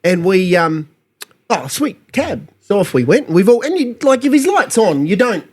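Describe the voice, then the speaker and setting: A man's voice: high-pitched, sing-song, fairly quick, darkish tone. A man telling a party story on a casual podcast, easygoing and laughing often. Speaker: podcast co-host.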